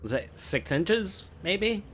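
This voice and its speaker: A man narrating a tabletop game as game master, often pausing with fillers as he describes scenes. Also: high-pitched, sing-song, a bit bright, a little hiss or hum. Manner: hesitant, filler-heavy narration.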